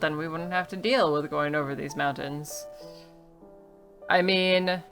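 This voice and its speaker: A woman's voice: low voice, sharp tone. A woman giving casual, wry commentary on a game she is playing, reading the dialogue aloud and joking about it. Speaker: let's play streamer.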